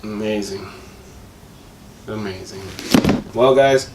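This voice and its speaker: A man with a hoarse, cracking voice, rambling eagerly and slangily through a casual sneaker review. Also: lowish voice, slow, echoey room, distant mic, slight background noise.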